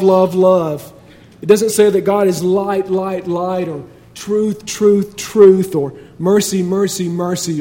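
A man's voice: high voice, fairly even intonation, slow, mellow. A man preaching a sermon in a conversational but emphatic way, building points through repetition.

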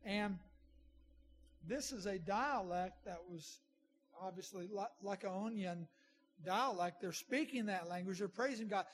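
A man's voice: sits high, unhurried, slight background noise. A middle-aged man preaching a sermon in a conversational way, with asides to the congregation. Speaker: pastor.

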